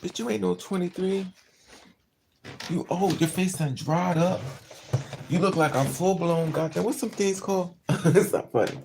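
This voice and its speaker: A woman's voice: lowish voice, moderate pace, gravelly, long pauses, noisy background. A woman vlogger telling stories in a casual, profane, gossipy monologue and often laughing between remarks.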